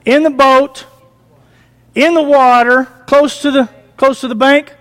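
A man preaching a sermon, animated, asking the congregation questions as he retells a passage. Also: very high voice, unhurried. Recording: long reverb of a church hall.

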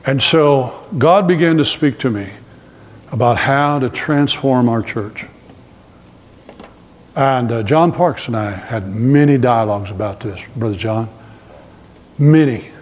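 A male pastor, mid-range voice, unhurried and pausing often, preaches to a live congregation in a church hall. He tells funny stories and asks the congregation questions, all under long hall reverb.

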